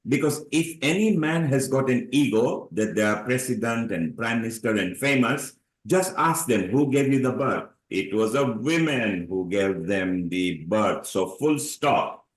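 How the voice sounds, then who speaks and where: A man hosts an online panel and speaks with effusive praise for his guest. His voice sits at a middle pitch. It rings in an echoey room over a call. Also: lively intonation, a little slow, hardly any pauses. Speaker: host. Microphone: video call.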